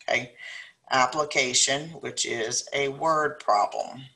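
Bright-voiced Louisiana math teacher. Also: female voice, rumbling low. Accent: South Louisiana. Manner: thinks aloud, slows down when dictating numbers. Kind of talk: recorded math lesson, working problems aloud.

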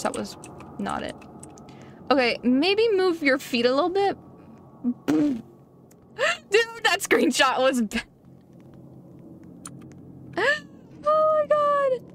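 A young woman streaming a video game, reacting excitably with frequent gasps and laughter as she chats casually. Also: on the high side, a little hiss or hum. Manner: excitable, gasping and laughing often. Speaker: gaming streamer. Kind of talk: casual gameplay commentary.

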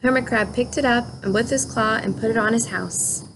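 A woman reading a children's picture book aloud in a calm, clear storytelling manner. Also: on the high side, fairly quick, background noise. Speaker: storybook reader.

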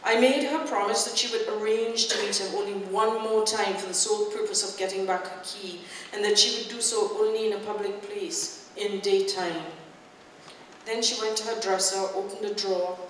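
A woman's voice: mid-range voice, flat delivery, moderate pace, fairly bright tone, distant mic, slight background noise. Woman reading fiction in an echoey hall. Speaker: author reading her fiction. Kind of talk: live literary reading. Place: festival event hall.

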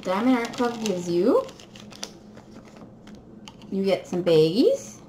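A woman chatting casually to viewers while unboxing, excitable and giggly. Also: mid-range voice, slow. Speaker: crafting vlogger. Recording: echoey room with faint noise.

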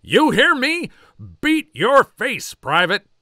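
A man voicing a loud, commanding male army drill sergeant who barks orders at recruits in a story reading. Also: very high voice, huge pitch swings, slow pace, vocal fry, no echo, studio quality, pitched above the performer's own voice, exaggerated voice. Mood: barking. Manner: shouting, commanding.

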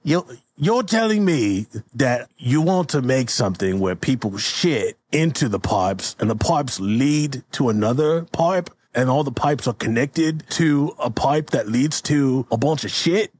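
A man's voice: mid-range voice, animated, measured pace, few pauses, darkish tone, slightly rough. A man putting on a foul-mouthed pipe-loving plumber with a wobbly Brooklyn-London accent. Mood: incredulous. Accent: wobbly put-on mix of Brooklyn and London. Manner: swears constantly, mumbling and laughing. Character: crude 1800s male pipe-fitter, gruff and easily impressed. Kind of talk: improvised comedy role-play.

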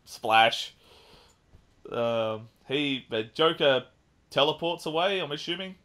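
Bright-voiced man recapping a film. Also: a little high, measured pace. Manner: animated retelling with swearing and mimicked lines. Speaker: podcast co-host. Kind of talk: casual chat, film review.

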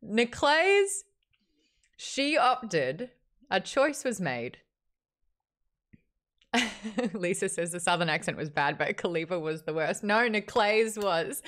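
A woman's voice: mid-range voice, fairly bright tone. A woman hosting a casual online book chat, reviewing a novel candidly and reading out viewer comments, with wry remarks and frequent laughs.

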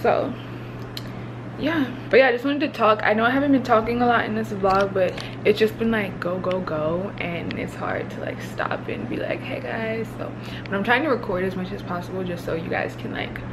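Talking to a handheld phone or camera in a hotel room, a young woman in her twenties keeps things light and cheerful, laughing a lot. She speaks fairly quickly at a medium pitch against a noisy background.

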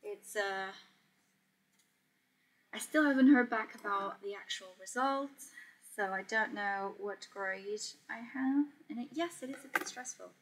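Sewing on a casual livestream, a young woman from Portugal talks at a medium pitch and an unhurried, measured pace, her tone slightly bright. She keeps up a chatty flow, reads the chat out loud, and laughs frequently, with a little background noise in the recording.

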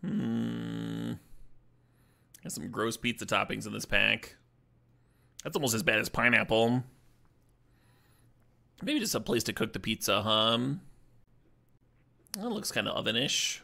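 A man streaming a card game draft, talking casually in a playful, joking way and swearing when excited. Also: lowish voice, measured pace, gravelly, long pauses.

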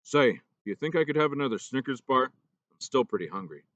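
A man voicing a gruff, remorseful older male teacher in a storybook reading, talking plainly and low. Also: lively intonation, fairly quick, a bit bright, no room sound, lo-fi sound, lightly acted.

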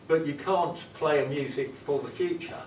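A man's voice: a little high, normal speed, a little mellow. A man leading a university music workshop as visiting professor, explaining ideas and telling a story in a thoughtful, instructive way. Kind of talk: workshop lecture. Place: university classroom. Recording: roomy classroom from far off, noisy.

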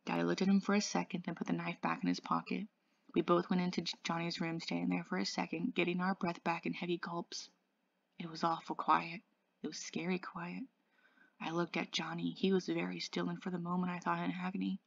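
A woman working as an English tutor, reading a novel aloud in a measured, even storytelling voice. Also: fairly low pitch, creaky, no echo. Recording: dull lo-fi dry audio.

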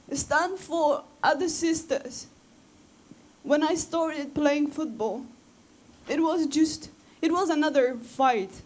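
Earnest woman, fairly high voice. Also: a little mellow. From Afghanistan. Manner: earnest and impassioned, with restarts. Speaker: guest speaker at a school talk. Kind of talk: personal talk to students. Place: school assembly room.

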